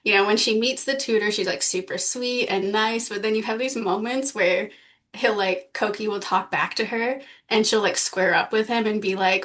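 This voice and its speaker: A woman's voice: medium pitch, normal speed, fairly bright tone. A woman co-hosting a podcast, talking casually and filling her speech with likes and laughs. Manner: chatty, many "like" fillers, laughs often. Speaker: podcast co-host. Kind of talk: casual chat.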